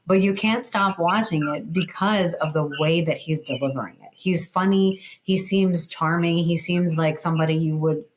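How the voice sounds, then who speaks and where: A woman talking as a guest in a casual interview, explaining her points in an animated, emphatic way with plenty of "like". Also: fairly low pitch, normal speed, hardly any pauses, low-quality recording. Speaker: guest, communication educator.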